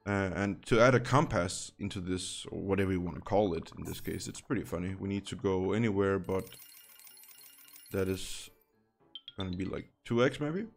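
A man's voice: low-pitched, normal speed, vocal fry, faint music behind. A man giving casual, chatty commentary while playing a slot game, thinking aloud and dropping wry asides.

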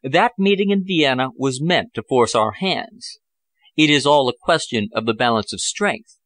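A man's voice: mid-range voice, expressive, moderate pace, a bit bright, no echo, close to an everyday voice. A man doing Bellamy, hearty confident diplomat. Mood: expansive. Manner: hearty, expansive explaining.

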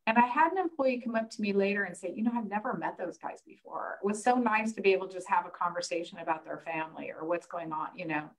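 A woman hosting a casual discussion, telling an animated story and acting out the dialogue. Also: medium pitch, fast, few pauses, low-quality recording. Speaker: host. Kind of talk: casual chat.

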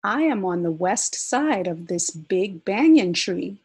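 A woman playing a playful male shadow spirit from a picture book who teases calmly. The delivery is slow and breathy. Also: medium pitch, heavily acted. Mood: teasing. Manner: teasing, calm.

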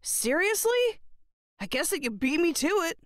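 A woman's voice: extremely high pitch, big pitch swings, moderate pace, dry recording, clean studio sound. A woman voicing a brash, cocky teenage boy ninja in a game cutscene, playful and teasing. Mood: breezy. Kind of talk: video game cutscene dub.

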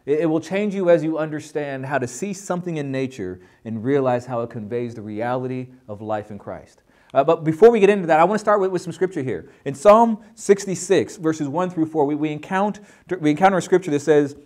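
Brief: male pastor teaching, high voice, emphatic, energetic, repeats words at the start of phrases. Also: a little fast. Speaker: pastor teaching a Bible lesson. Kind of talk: sermon.

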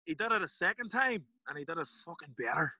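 A man with a Derry Northern Irish accent, a podcast guest telling stories in a casual, animated way, acting out other people's lines and swearing freely. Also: on the high side, fast talker, no room sound, low-quality recording. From Northern Ireland. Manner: animated, acts out quoted voices, swears casually. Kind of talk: casual storytelling interview.

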